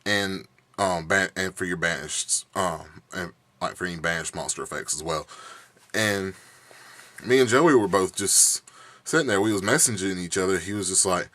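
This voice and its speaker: A man's voice: low voice, normal speed, pushed and bright, no room sound. A young man with a bad cough, ranting casually for a video, heated and profane, with many restarts and fillers. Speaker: YouTube vlogger. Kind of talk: casual rant.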